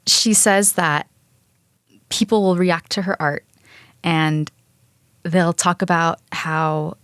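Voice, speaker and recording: A woman's voice: lowish voice, steady tone, slow, fairly bright tone, clear, resonant tone, no room sound, clean studio sound. Earnest young woman podcast host. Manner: earnest and gushing, tells stories with quotes. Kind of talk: casual chat.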